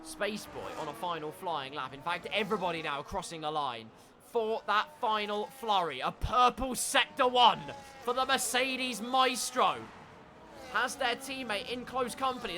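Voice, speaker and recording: Man, sim race caller, high voice, excitable and jokey, noisy mix with engine sound under him. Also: moderate pace. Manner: excitable, jokey, breaks into shouts. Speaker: sim racing commentator. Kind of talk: live esports race commentary.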